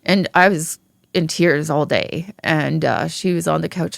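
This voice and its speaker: Woman, low gravelly voice, blunt and candid storyteller, dry close sound. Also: dry recording. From Ontario, Canada. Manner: frank, swears freely, halting restarts. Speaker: podcast guest.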